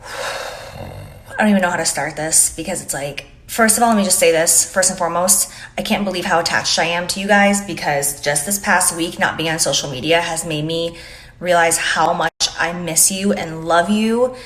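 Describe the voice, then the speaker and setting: A woman's voice: on the low side, normal speed, fairly bright tone, echoey room. A woman founder of a beauty brand making an emotional, earnest apology on her phone, rambling with lots of "like", close to tears. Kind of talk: apology video on social media. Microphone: phone held to face.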